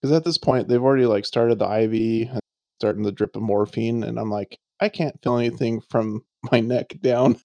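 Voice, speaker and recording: Gravelly, mellow man telling stories. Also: medium pitch, steady tone, normal speed, dry recording. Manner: swearing, laughing, acts out quoted voices. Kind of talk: casual storytelling chat.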